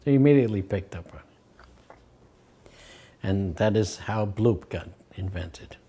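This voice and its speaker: An older man sharing remembered anecdotes, his voice mellow and dark. He slips into quoted voices and lets a chuckle through as he goes. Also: on the low side, expressive, normal speed, slightly rough. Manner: acts out quoted voices, chuckles between stories. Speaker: devotee recalling memories. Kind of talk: anecdotal storytelling.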